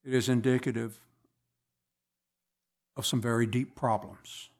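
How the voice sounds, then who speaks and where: A man preaching a sermon in a slow, deliberate way with measured pauses. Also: mid-range voice, fairly even intonation.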